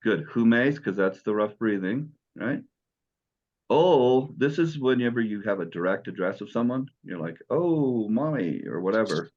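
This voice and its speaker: A man's voice: on the low side, normal speed, a little mellow, lo-fi sound. A man teaching Greek in an online class, patient and encouraging as he explains step by step.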